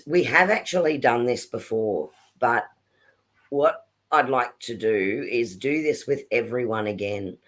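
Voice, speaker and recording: Woman walking people thru an energy technique, slow and patient, um's here and there, video call audio. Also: extremely low pitch. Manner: slow explanatory with fillers. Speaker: spiritual workshop co-host. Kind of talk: explaining a spiritual technique. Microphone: video call with dropouts.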